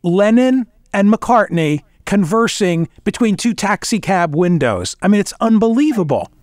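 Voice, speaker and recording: A middle-aged man hosting an interview, eager and enthusiastic, prompting his guest with quick asides. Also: high-pitched, sing-song, darkish tone, no room sound, studio quality. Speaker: show host.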